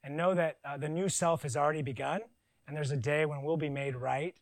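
A man preaching a conversational sermon, joking and animated, with silly voices in his asides. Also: a little high, a little fast, dry recording, low-quality recording. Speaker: pastor.

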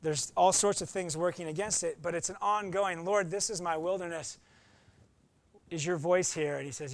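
A man's voice: high-pitched, normal speed, no echo. A man preaching a conversational, emphatic sermon as pastor, acting out short quotes.

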